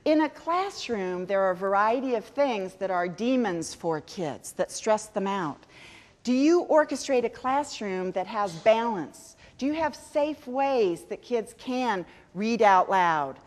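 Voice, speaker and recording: Addressing an audience of teachers in a big conference hall, a middle-aged education speaker keeps things chatty and pokes fun at herself. She has a mid-range, animated voice and takes her time, with a long reverb from the hall.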